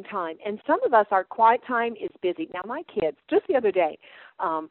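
A woman's voice: mid-range voice, no room sound. A middle-aged woman preaching a sermon to other women, emphatic and full of rhetorical questions, then dropping into folksy stories from her own life. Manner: emphatic, piles up rhetorical questions, drops to soft intensity; folksy personal storytelling. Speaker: women's Bible teacher. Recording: tinny phone-like dry recording.

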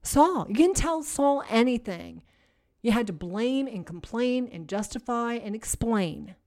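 Female preacher, fairly high voice, lively conversational teaching, emphatic and repetitive, asks the room questions. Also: measured pace. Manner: energetic, repetitive, emphatic lists; addresses listeners directly with rhetorical questions. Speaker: women's ministry teacher.

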